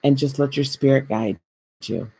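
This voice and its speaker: A woman hosting a live spiritual talk, speaking gently and repeating phrases for emphasis, addressing her viewers as beloved. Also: a bass voice, moderate pace, vocal fry, breathy edge. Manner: speaks directly to viewers, calls them beloved.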